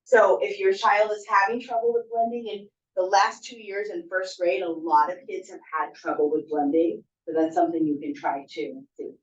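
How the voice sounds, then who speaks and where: A woman's voice: medium pitch, fairly even intonation, moderate pace, few pauses. A woman teacher giving parents practical tips on reading at home, acting out what to say to a child. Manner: gives practical advice, acts out classroom phrases. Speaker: first grade teacher. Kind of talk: parent workshop presentation. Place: school room with parents. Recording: muffled, distant, echoey room.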